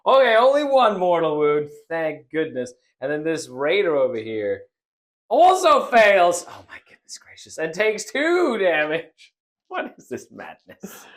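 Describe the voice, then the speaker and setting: A man calls a tabletop battle turn by turn. His voice sits a little high, and its pitch swings widely. He laughs often and throws in playful exclamations. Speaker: host and player. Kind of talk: tabletop battle report commentary.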